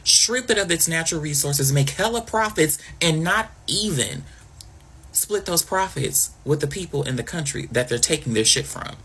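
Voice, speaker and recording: Creaky, husky man in a blunt rant. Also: a little high, a bit bright. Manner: blunt and exasperated, heavy use of slang. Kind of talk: casual opinion rant to camera.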